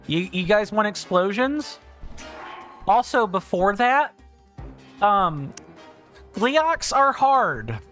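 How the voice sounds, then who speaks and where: Slow, rambling Southern man streaming a game. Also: high-pitched, a bit bright. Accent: Southern US drawl. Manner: rambling, self-deprecating, chatty. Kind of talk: livestream gameplay commentary.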